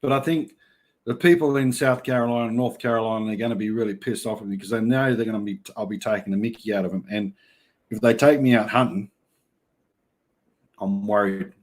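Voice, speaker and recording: A man's voice: lowish voice, brisk, darkish tone. A middle-aged Australian man hosting a casual livestream, reading chat and yarning in a laid-back way with blokey slang and frequent laughs.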